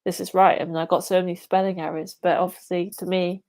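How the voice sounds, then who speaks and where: A woman's voice: fairly low pitch, flat delivery, quick pace, darkish tone. An English woman from England, a podcast guest, chatting casually with lots of "yeah" and "like". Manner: chatty, many fillers like "yeah" and "like". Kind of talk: casual interview chat.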